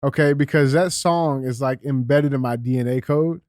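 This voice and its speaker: A man from the podcast crew, bantering casually and joking defensively in an animated way. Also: medium pitch, moderate pace, no echo, studio quality.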